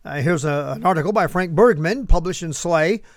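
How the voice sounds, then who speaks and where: Male commentary host, high voice, sarcastic asides, dry close sound. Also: moderate pace, no room sound. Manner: sarcastic, talks back to an unheard listener. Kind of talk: political commentary.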